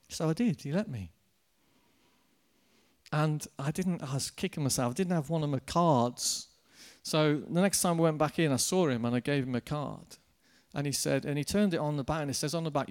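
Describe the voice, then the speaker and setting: A man preaching a sermon, telling a personal anecdote in a lively way and addressing the congregation directly. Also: on the high side, normal speed.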